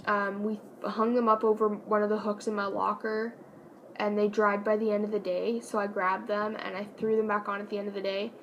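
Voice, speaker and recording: A young woman casually telling a personal story on her vlog, chatty and animated, with lots of fillers. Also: medium pitch, brisk, muffled recording, a little hiss or hum. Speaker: vlogger.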